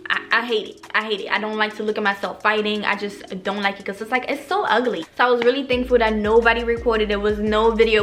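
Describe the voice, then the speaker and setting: A young woman vlogger telling a story in casual slang, animated and swearing freely to her viewers. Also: mid-range voice. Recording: faint background music.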